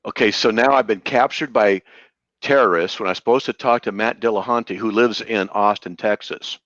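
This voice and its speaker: A man's voice: fairly low pitch, moderate pace, fairly bright tone, no echo, dull audio. A man debating heatedly, cutting in and repeating his words to hold the floor. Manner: interrupting, repeats words insistently. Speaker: debater, radio show host.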